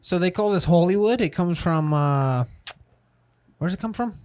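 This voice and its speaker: A man's voice: sits high, animated, normal speed, a little mellow, clean tone. A man co-hosting a podcast in a studio, retelling events casually with lots of "like" and swearing. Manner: profane, filler-heavy, chiming in. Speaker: podcast co-host. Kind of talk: casual storytelling.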